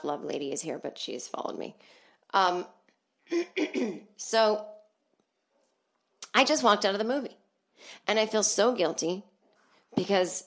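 A woman hosting her comedy podcast, rambling and self-deprecating, swearing freely from a small soundproof booth. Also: lowish voice. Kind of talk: casual comedic monologue.

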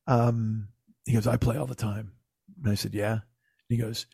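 A man's voice: lowish voice, flat delivery, normal speed, vocal fry, background noise. A man telling a casual, profane story in his own voice. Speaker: podcast host telling a story.

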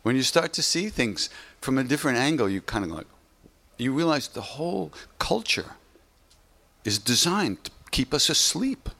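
A man gives an informal spiritual talk on meditation, rambling conversationally with plenty of "you know"s and self-corrections. His mid-range voice is gravelly, pushed and bright, with a sing-song lilt at a moderate pace.

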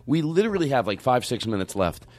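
Lively joking male podcast host. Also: mid-range voice, fast. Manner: lively, joking, laughs often. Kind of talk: casual comedy chat.

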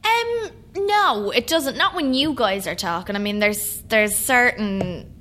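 An Irish actress chatting as a guest, easygoing and quick to laugh. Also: female voice, fairly high pitch, expressive. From Ireland. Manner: warm laughing chat, quick to do American voices. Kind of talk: casual chat.

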